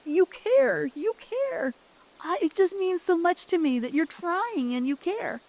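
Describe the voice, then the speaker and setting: A man's voice: sits high, moderate pace, a little mellow, voice pushed up. A woman quoting a tall teenage boy who is crying and speaking earnestly. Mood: tearful.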